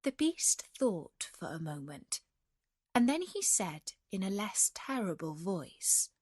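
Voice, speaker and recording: A woman reading a fairy tale aloud as a gentle bedtime story. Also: medium pitch, very animated, slow, slightly rough, no room sound, studio quality.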